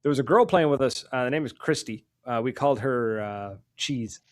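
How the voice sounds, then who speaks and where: A podcast host with a mid-range voice talks briskly, telling stories in a casual chat. He's animated, laughs often, and acts out the people in his tales.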